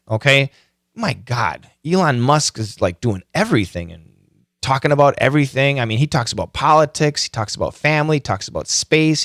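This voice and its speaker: A man's voice: mid-range voice, fairly bright tone, dry recording, clean studio sound. A middle-aged man hosting a podcast, giving a casual, chatty tutorial full of self-mocking jokes and frequent fillers. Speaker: podcast host.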